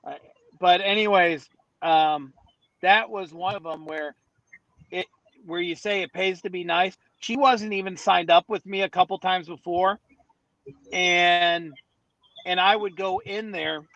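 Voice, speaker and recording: A man with a high voice tells a story in a loose, rambling way, stumbling into restarts as he goes. The sound is muffled and lo-fi, and he is outdoors near a city street. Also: fairly even intonation, a little slow, a bit bright, dry recording. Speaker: podcast guest. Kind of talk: casual storytelling.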